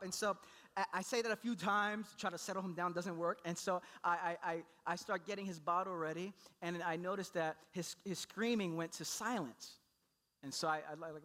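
A man's voice: sits high, moderate pace, bright, forceful tone. A young adult man, a pastor, preaching a sermon and telling a story about his baby son with playful voices and laughter.

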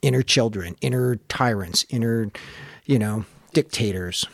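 A man's voice: mid-range voice, a little slow, gravelly, no room sound, clean studio sound. A man in casual conversation, talking in a reflective, searching way and swearing now and then. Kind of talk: casual chat.

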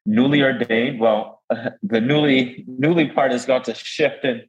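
A man's voice: mid-range voice, a little slow, muffled recording. Laughing New Orleans man telling stories. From New Orleans, Louisiana. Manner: warm storytelling, laughs often, animated quoting. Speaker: guest priest. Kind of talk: casual interview chat.

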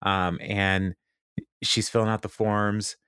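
A man with a fairly low voice talks through a TV episode in a loose, rambling way, full of fillers and little laughs. His voice sounds dry and close, with no room around it. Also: level tone, slow, a bit bright, smooth, no echo. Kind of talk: casual recap of a TV episode.

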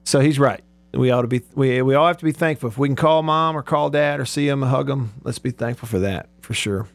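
A man's voice: medium pitch, brisk, no room sound. A man in his forties hosting a radio show, telling stories easily and laughing often. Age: 40s. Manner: laughing storyteller, easygoing. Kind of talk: casual radio chat. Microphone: studio microphone.

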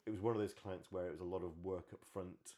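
A man's voice: low-pitched, fairly even intonation, fast, dark tone. A man co-hosting a podcast, chatting casually with plenty of fillers and easy laughter. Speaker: podcast co-host. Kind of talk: casual design chat.

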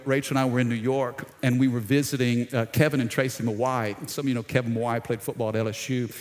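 A middle-aged pastor from South Louisiana, with a Louisiana accent and a medium-pitched voice, preaches a sermon full of animated storytelling. He acts out the voices of his characters and calls out to the congregation, recorded in a church hall with long reverb.

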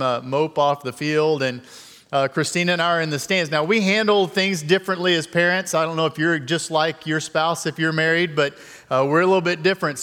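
A man's voice: fairly high pitch, a bit bright, long reverb tail. A middle-aged man telling a personal story in a conversational, self-deprecating way as a guest speaker in a church sermon. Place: church sanctuary.

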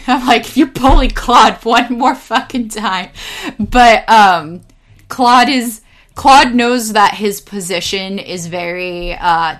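A woman's voice: medium pitch, clear, resonant tone. Rambling young woman chatting casually. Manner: rambling, filler-heavy, swears freely, animated storyteller. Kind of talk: casual chat.

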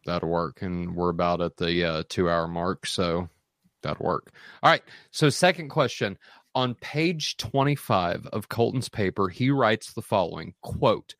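A man hosting a podcast discussion, reading quotes aloud with lively emphasis. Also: low voice, a little slow, no echo, studio quality. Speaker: podcast host.

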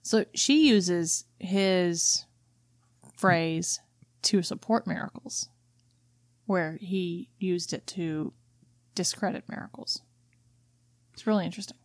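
Lower-voiced woman reading and discussing. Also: slow, pauses often, no echo, clean studio sound. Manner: reads quotes aloud then explains them plainly. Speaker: podcast co-host. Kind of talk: casual book discussion with read passages.

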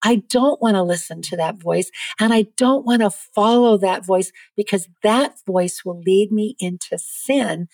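A middle-aged woman speaking as a podcast guest, giving an earnest, lively faith testimony. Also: mid-range voice, dry recording.

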